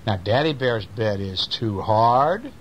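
Father reading bedtime stories, lively up-and-down voice, playful, at home, faint noise behind. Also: on the low side, slow, dull audio. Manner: playful, animated, talks to the child. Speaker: father reading to his child.

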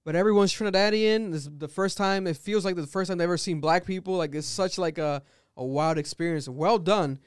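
Young man, podcast host, animated slangy chat, smooth clear voice, dry studio sound. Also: sits high, fairly quick, no room sound. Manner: animated, slangy storytelling with swearing. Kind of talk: casual chat.

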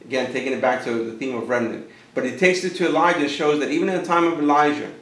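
A man teaching a conversational Bible lesson as a pastor, animated and acting out quotes with sudden jumps in his voice. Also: fairly high pitch, racing, roomy sound, low-quality recording. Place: church.

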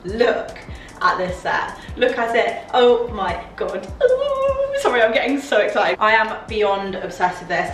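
A British woman of about twenty, gushing and excitable, chatting through a casual try-on haul vlog. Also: a little high, reverberant. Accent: British English. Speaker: fashion vlogger. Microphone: camera mic.

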